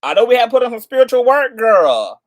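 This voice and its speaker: A man's voice: extremely high pitch, big pitch swings, a little fast, dry recording. A man hosting livestream commentary in a sassy, theatrical way, peppered with "girl" and "child". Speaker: commentary channel host.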